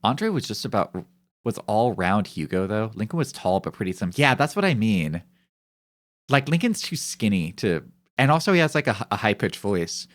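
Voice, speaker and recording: A man's voice: on the low side, sing-song, normal speed. A young man streaming, chatting casually in rambling, profane, joking banter. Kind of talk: casual chat on a live stream.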